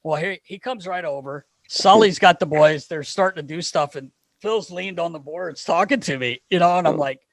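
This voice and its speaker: A man co-hosting a podcast over a video call, telling stories in a casual, animated way. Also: moderate pace, few pauses, no echo. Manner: animated, jumps into high mocking voices when quoting. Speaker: podcast co-host. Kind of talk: casual storytelling chat.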